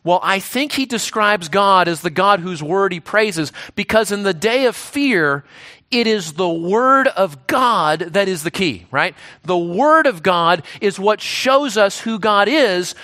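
A man's voice: high-pitched, lively intonation, unhurried, pushed and bright. A man, the pastor, preaching a sermon in a conversational way, often restarting phrases and checking in with "right?".

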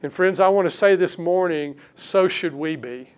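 A male pastor preaches a sermon with earnest, emphatic conviction in a smooth, resonant voice a little high for a man. He slows down to stress the key words.

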